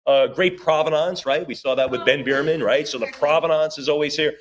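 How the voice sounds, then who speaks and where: A man working as auctioneer, calling bids rapidly in a live auction and breaking off for chatty asides to bidders and staff. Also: fairly high pitch. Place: auction room.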